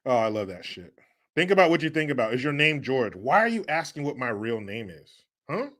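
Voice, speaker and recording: A man hosting a livestream, reading viewer chat aloud and bantering in a loud, profane, joking way, often laughing and teasing rival fans. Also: mid-range voice, big pitch swings, brisk. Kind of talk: casual chat.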